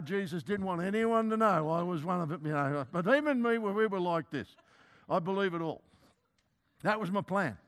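An older preacher with a fairly high-pitched voice tells a sermon story about himself. He pokes fun at himself as he goes, and the congregation gets a laugh along the way. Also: fairly bright tone. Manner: humorous, self-mocking storytelling.

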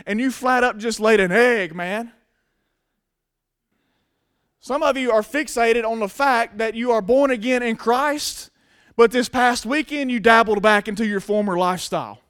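A man's voice: extremely high pitch, fairly bright tone, clean tone. A man preaching a sermon to a congregation, emphatic and casual. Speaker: pastor.

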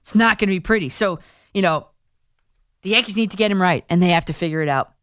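A woman hosting a call-in sports radio show, giving quick, emphatic opinions with frequent restarts. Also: lowish voice, fairly bright tone, no room sound, studio quality. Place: radio studio.

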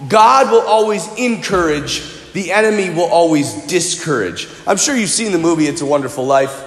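Brief: forties male preacher, lively chatty sermon delivery, fairly high voice, long hall reverb. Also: moderate pace. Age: 40s. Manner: animated, conversational storytelling. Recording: echoey hall.

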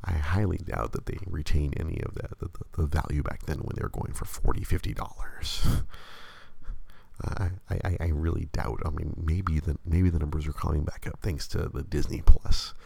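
A man's voice: extremely low pitch, fairly even intonation, normal speed, gravelly, a little mellow, slightly rough, dry recording. A man hosting a show, chatting casually and rambling with many stammered restarts. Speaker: podcast host. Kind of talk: casual chat.

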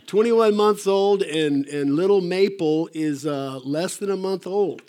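Older man, pastor, sermon in church, slightly higher voice, rambling, folksy. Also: unhurried, mellow. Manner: folksy, rambling, with hesitant fillers and restarts.

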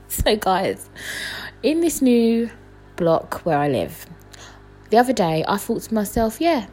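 A young woman telling a casual storytime to her viewers, jumping up in pitch when she quotes herself. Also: moderate pace, slightly rough. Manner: animated, jumps high when quoting herself. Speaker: vlogger. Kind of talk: casual storytime chat to camera.

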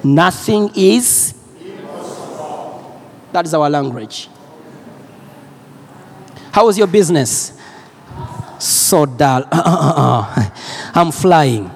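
A male preacher from Uganda giving a loud, energetic sermon, repeating phrases and drawing call and response from the congregation. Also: on the high side, extremely slow, pauses often.

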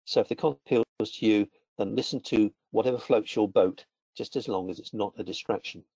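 A middle-aged man presenting a webinar in a measured, methodical way. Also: lowish voice, mellow, breathy edge, dry recording. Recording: dull, lo-fi sound.

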